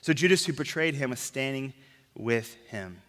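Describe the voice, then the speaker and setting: A man pastor preaching a sermon, emphatic, dropping to a hush on key words and asking rhetorical questions. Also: mid-range voice, animated, normal speed. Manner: asks the crowd rhetorical questions. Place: church sanctuary. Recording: long reverb of a church hall.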